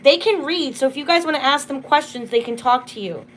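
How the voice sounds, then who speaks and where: A young woman with a fairly high voice chats casually on a home livestream. She tells stories loosely, with plenty of fillers. A faint hum of room noise sits under her voice. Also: brisk, a bit bright. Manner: chatty storytelling, full of "like". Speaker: livestream host.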